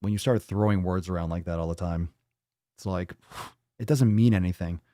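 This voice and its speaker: A man with a low voice hosts a casual livestream, talking bluntly in a loose, rambling way and swearing freely. The sound is close and dry, with no room around it. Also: normal speed, mellow, no room sound. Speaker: livestream host.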